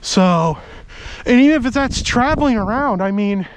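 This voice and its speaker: A man's voice: high-pitched, expressive, moderate pace, a little hiss or hum, low-quality recording. A man, a volunteer firefighter, talking casually to his viewers while out of breath and sick, rambling with many fillers, outdoors and later in his car. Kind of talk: casual vlog talk. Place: outdoors on a march, later inside a parked car.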